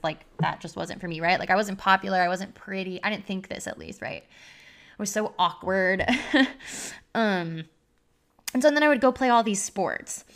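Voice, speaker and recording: A young woman's mid-range, slightly bright voice carries a candid personal story on a podcast. Her telling is confessional, and she uses "like" as filler again and again.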